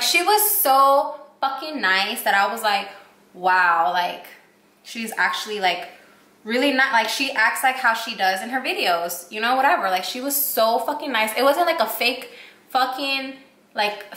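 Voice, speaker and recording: Bright, gushing young woman vlogger. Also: high-pitched, brisk. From Puerto Rico. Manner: gushing, rambling, heavy use of "like". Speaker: beauty vlogger. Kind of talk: casual storytelling while doing makeup. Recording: echoey room.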